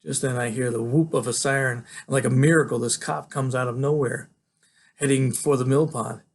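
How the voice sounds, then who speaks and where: Gravelly-voiced man reading a novel. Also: medium pitch, moderate pace. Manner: relaxed conversational storytelling. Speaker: teacher reading aloud. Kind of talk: novel read aloud.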